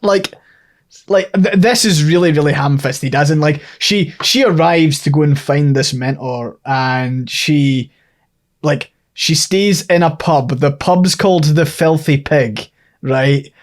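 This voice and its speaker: A man's voice: on the high side, takes it slowly. A man co-hosting a podcast, ranting sarcastically about a film and swearing freely. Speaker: podcast co-host. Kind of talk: casual chat, film review.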